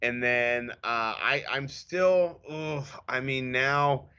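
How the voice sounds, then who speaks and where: A man in his thirties co-hosting a casual fantasy football podcast, telling stories with lively acted-out quotes. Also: medium pitch, slow pace, clean tone, dull audio. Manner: animated storyteller, acts out quotes. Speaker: podcast co-host. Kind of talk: casual sports chat.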